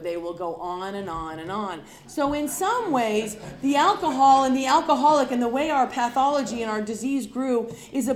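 A woman's voice: on the high side, reverberant. A woman sharing her own story of alcoholism and recovery with an audience, candid and confessional, emphatic and dramatic as she acts out her past self. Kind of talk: personal recovery talk to an audience.

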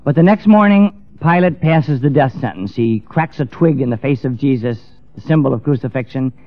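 A man's voice: mid-range voice, expressive, moderate pace, no room sound. A man preaching a storytelling sermon in a dramatic manner, acting out the characters. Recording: dull dry lo-fi recording, faint music.

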